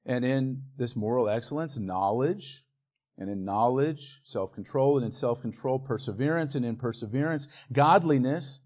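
A man preaching a sermon, building to loud, emphatic peaks and then dropping back to quiet verse-by-verse teaching. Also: medium pitch, moderate pace. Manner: walks the congregation through scripture verse by verse.

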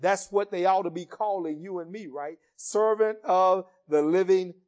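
A man preaching a sermon, retelling a Bible story in an expressive storytelling way. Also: high-pitched, normal speed, dull audio.

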